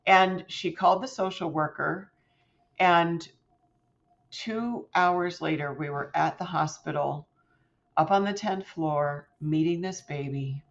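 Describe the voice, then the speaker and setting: A middle-aged woman, a podcast guest, telling a personal story in an animated way and acting out quoted voices with big jumps in pitch. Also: slow, vocal fry. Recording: slightly muffled lo-fi sound.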